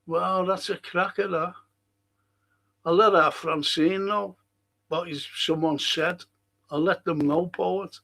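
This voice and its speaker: Slow, gravelly Scouse man. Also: sits high, steady tone, sharp tone. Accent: Liverpool (Scouse). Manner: chatty, reads viewer comments aloud and answers them. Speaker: live-stream host. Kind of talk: casual live-stream chat.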